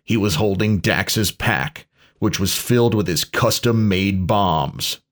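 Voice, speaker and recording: Slow, deadpan low-voiced male narrator. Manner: dry, deadpan. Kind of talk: deadpan reading of a parody pulp story.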